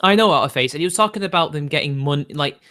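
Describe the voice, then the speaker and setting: A man's voice: fairly high pitch, expressive, pushed and bright. Rambling man on a livestream. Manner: rambling, quick to get riled and swear. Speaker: livestreamer answering chat. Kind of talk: casual live-stream chat.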